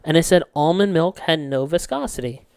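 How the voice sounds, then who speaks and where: A man's voice: a little high, normal speed, gravelly, smooth, no room sound, clean studio sound. A young man co-hosting a podcast, telling rambling stories in casual chat, swearing freely and laughing often. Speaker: podcast co-host.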